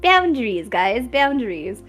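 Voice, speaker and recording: A woman's voice: on the high side, very animated, measured pace, a bit bright, faint music behind. A young woman streamer chatting casually, laughing often as she talks. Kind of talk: casual chat.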